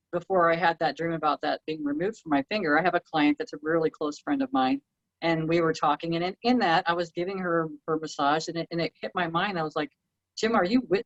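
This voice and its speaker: Low-voiced woman on a dull dry mic. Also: no echo. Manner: reflective, relating personal experiences. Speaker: co-host. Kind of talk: casual spiritual chat.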